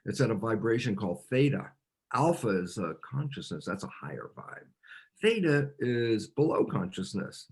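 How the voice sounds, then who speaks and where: A man, a cell biologist, explaining ideas in an interview as an animated storyteller, with frequent restarts and filler words. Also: on the low side, moderate pace, breathy edge.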